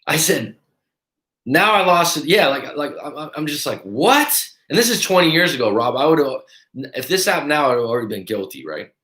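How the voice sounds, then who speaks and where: A man coaching people through breakups tells a personal story in a casual, animated way and acts out what others said. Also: on the high side, a little fast. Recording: roomy echo.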